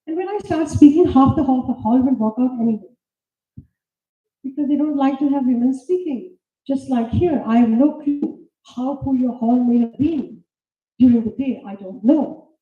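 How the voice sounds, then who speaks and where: A woman with a high voice speaks at normal speed as a conference speaker, giving an emphatic, self-assured talk on leadership in a large lecture hall. The recording sounds roomy, distant, and dull.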